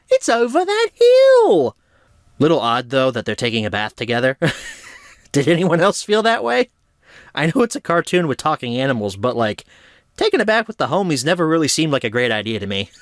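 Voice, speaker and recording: A man's voice: medium pitch, a bit bright, dry recording, clean studio sound. A man giving a casual, joking review of a cartoon, laid-back and full of slang.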